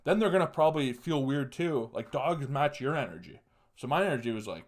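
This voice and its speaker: Young male podcast host, casual rambling storyteller, profane, mid-pitched voice. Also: expressive, fairly quick. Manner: profane, rambling, laughs through sad stories.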